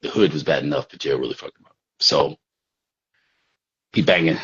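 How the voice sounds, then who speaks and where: A man's voice: very deep voice, normal speed, background noise. A man around sixty, telling a rambling, profane street story in casual talk. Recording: dull lo-fi recording.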